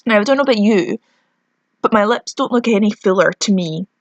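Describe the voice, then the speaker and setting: A woman's voice: medium pitch, animated, brisk, no room sound, dull audio. A young Scottish woman ranting chattily through a lip product review, self-mocking as her lips sting. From Scotland. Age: young adult. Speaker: beauty vlogger.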